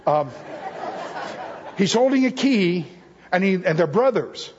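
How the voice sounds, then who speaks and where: A man's voice: sits high, expressive, slow, a little mellow, a faint crowd, a little hiss or hum. A male guest speaker giving a jokey sermon full of puns, acting out the voices he quotes. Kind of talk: humorous sermon teaching. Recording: echoey hall, dull lo-fi sound.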